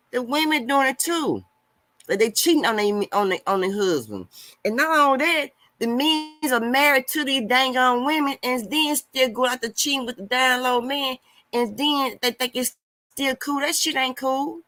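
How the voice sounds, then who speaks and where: A man with a high voice holds forth on a casual live stream, reading out viewer comments and answering them. He preaches and scolds, swinging from loud outbursts to low mumbling. The sound is dry and close to the mic. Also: no echo.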